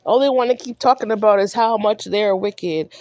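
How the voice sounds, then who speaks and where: A woman's voice: medium pitch, moderate pace, a little mellow, no echo, clean studio sound. A woman vlogger delivering a heated monologue, scolding someone directly and repeating herself for emphasis.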